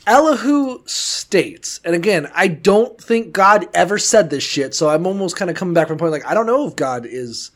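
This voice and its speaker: A man co-hosting a podcast in casual chat, swearing freely and rambling with animated emphasis. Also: sits high, moderate pace, few pauses. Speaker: podcast co-host.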